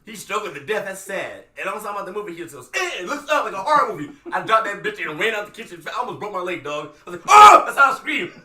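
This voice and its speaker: A man's voice: high-pitched, racing, hardly any pauses, far from the mic. A man from New co-hosting a podcast, telling stories with lots of laughing and acted-out voices. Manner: animated storyteller, acts out voices, laughs a lot. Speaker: podcast co-host. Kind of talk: casual chat. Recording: roomy echo from off-mic.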